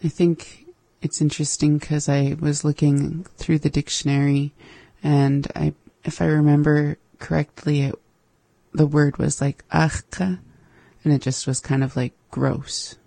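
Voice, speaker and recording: Slow, gravelly, husky co-host. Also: medium pitch, dry recording. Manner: slow, flat and gravelly, laughs easily. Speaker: language show co-host. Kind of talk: casual language-lesson chat.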